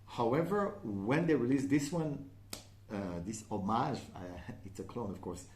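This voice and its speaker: A man's voice: medium pitch, lively intonation, unhurried, a little mellow, slight background noise. French-accented man reviewing perfume, roomy sound. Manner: chatty, frequent "okay?" and "uh" fillers. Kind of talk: casual spoken review.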